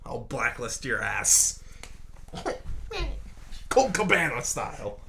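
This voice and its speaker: A man's voice: medium pitch, big pitch swings, slow pace, vocal fry, a bit bright, slight background noise. A young man co-hosting a podcast, joking and swearing in casual banter. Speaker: podcast co-host. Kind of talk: casual chat.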